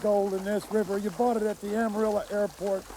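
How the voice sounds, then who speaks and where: A man talking brash and bossy, with a drawl. His voice sits fairly high. Faint noise runs under it. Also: little pitch movement, a little fast, warm tone. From Texas. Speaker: wrestler. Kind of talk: comic skit banter.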